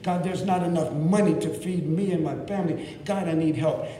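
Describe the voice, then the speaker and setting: A man's voice: fairly high pitch, fairly quick, warm tone, slight background noise, natural voice. A man voicing a poor man praying to God for help. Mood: pleading. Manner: pleading. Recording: distant echoey church hall.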